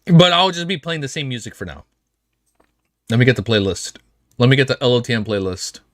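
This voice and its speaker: A man hosting a casual livestream, chatting in an excitable, rambling way and swearing freely. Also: mid-range voice, brisk, dry recording, studio quality. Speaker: livestream host. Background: faint background music.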